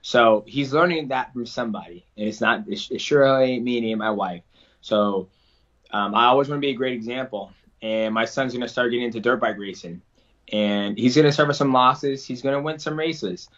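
A man's voice: mid-range voice, moderate pace, a bit bright, muffled recording. A man answering interview questions in a casual, earnest way, often restarting his sentences. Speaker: interview guest, fighter.

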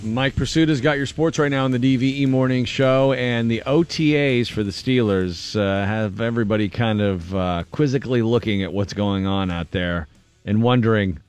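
A man's voice: mid-range voice, normal speed, clean tone, soft background music. A man hosting a morning radio show, chatting casually in a wry, joking manner. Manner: animated, wry, breaks into mocking impressions. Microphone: studio microphone.

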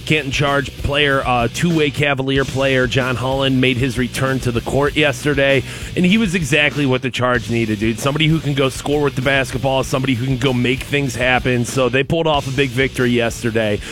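A young man co-hosting a morning radio show, telling a story in a lively, casual way and saying "dude" often. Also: medium pitch, fairly quick, soft background music. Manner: animated storyteller, says "dude" a lot. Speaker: radio co-host. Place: radio studio. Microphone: studio microphone.

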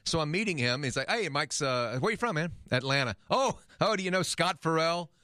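A man's voice: a little high, fairly quick, dry recording, studio quality. A man co-hosting a radio talk show, chatting casually with a jokey manner and acting out the lines in his stories. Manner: lively, jokey, acts out quoted dialogue. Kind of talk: casual chat.

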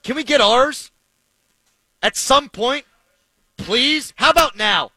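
Man, sports rant, sarcastic and heated, bright edgy tone, dry close sound. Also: extremely high pitch, takes it slowly, dry recording, poor audio. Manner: heated, sarcastic, fired-up ranting. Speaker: sports commentator. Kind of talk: ranting sports commentary.

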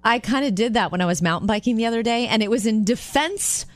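A woman co-hosting a show in casual chat, telling lively stories and acting out the quotes. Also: on the high side, fast, no room sound, soft background music. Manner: animated storyteller, acts out quotes. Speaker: radio co-host.

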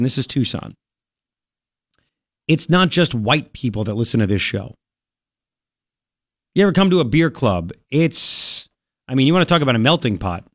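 Animated opinionated male radio host. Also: mid-range voice, dry recording, clean studio sound. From Long Island, New York. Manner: animated, opinionated, rhetorical questions. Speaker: radio talk show host. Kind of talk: talk radio monologue. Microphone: studio microphone.

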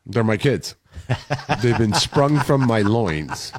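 A man's voice: on the low side, big pitch swings, takes it slowly, slight background noise. A man in casual banter as a co-host, blunt and grumbling, often repeating himself.

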